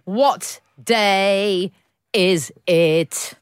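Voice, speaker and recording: A woman's voice: medium pitch, drawn-out words, smooth, no room sound, studio quality. A woman co-hosting a podcast, chatting playfully and enthusiastically with her co-host, often laughing. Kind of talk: casual chat.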